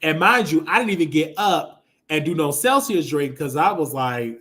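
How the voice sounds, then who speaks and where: A man in his thirties hosting a casual commentary show, talking emotionally and bursting into loud exclamations. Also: on the high side, lively intonation, normal speed. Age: 30s. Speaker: show host.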